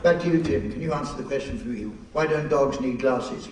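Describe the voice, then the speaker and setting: A man chairing a live comedy panel, reading out questions in a dry, deadpan way and stumbling over the text. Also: medium pitch, a little fast. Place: large theatre with live audience. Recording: echoey, distant theatre recording with noise.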